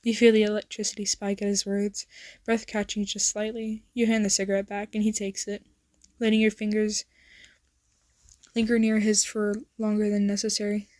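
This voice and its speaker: A young woman narrating a second-person romance story in a soft, intimate voice that slips into whispers. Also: medium pitch, completely flat delivery, moderate pace, no echo. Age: young adult. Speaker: fan fiction narrator.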